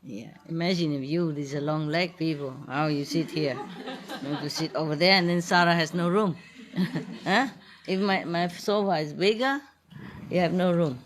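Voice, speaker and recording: A woman's voice: low-pitched, moderate pace. A woman, a spiritual teacher, talking casually with her audience in a playful, teasing way and laughing often. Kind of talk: informal talk with an audience.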